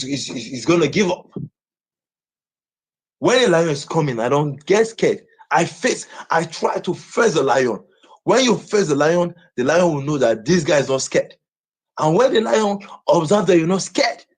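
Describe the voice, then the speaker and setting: On a livestream, a man rants in a high, husky voice whose pitch swings wildly up and down. Agitated, he shouts and repeats himself.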